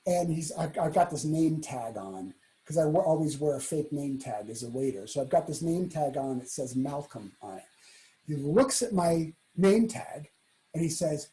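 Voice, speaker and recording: Mellow-voiced male storyteller. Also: a little high, measured pace, poor audio. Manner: animated storyteller, acting out quoted lines in a hushed voice. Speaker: keynote speaker. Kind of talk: storytelling talk.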